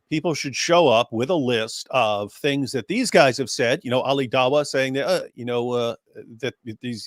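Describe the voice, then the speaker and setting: A man hosting a casual panel discussion, talking in a halting way with many fillers and restarts. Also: mid-range voice, no room sound, studio quality. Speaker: show host.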